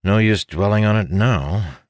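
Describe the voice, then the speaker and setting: A man voicing a calm, reassuring young male mage in a fantasy audiobook. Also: fairly low pitch, measured pace, no room sound, clean studio sound, voice pushed up, natural voice.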